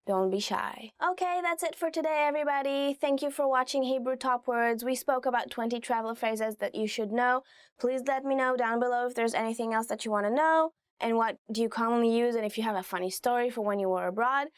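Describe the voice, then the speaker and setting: A woman's voice: on the high side, brisk, clear, resonant tone, no room sound, studio quality. A young woman hosting a casual language lesson, chatty and sprinkled with "like" as she explains useful phrases. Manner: chatty, filler-heavy with frequent "like". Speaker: language teacher and host.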